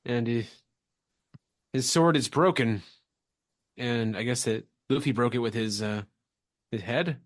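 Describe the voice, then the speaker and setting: A man co-hosting a podcast, recapping a comic chapter in animated casual chat. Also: measured pace, pauses often, no echo, studio quality. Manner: animated, jumps into high excited tones when quoting. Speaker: podcast co-host.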